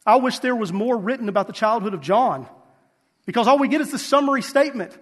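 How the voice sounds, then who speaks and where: A man's voice: very high voice, animated, fast, fairly bright tone, in a large hall. A man, a pastor, preaching a sermon with earnest rhetorical questions.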